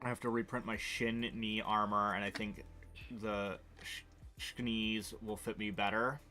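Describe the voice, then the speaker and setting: A man's voice: lowish voice, level tone, unhurried, sharp tone, faint music behind. A man co-hosting a casual stream chat, rambling with lots of ums and likes. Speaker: streamer co-host.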